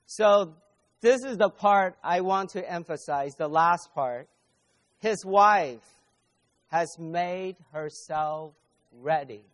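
At a conference, a man with a high voice delivers a sermon emphatically, slowly repeating key phrases and speaking straight to the audience.

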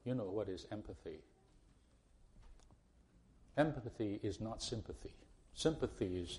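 Low mellow-voiced man preaching earnestly. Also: expressive, unhurried, pauses often. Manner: earnest, repetitive restarts, rising to emphatic pleas. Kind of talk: sermon.

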